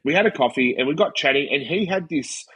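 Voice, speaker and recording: Husky man telling animated stories. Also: fairly high pitch, fast. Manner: animated storyteller acting out quoted dialogue, frequent "like". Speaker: podcast guest, wrestler and commentator. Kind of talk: casual storytelling chat.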